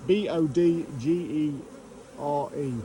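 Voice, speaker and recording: A joking man with a Black Country accent, slightly higher voice, chatting casually while working on a bee removal. His voice carries outdoor noise and buzzing bees in the background. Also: slow pace. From Black Country, England. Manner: jokey, banters with slang.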